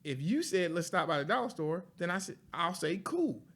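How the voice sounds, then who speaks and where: A man in casual conversation, telling animated stories about his household and acting out what was said. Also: fairly high pitch, a little fast. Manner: animated storytelling, acts out quotes. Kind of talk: casual chat.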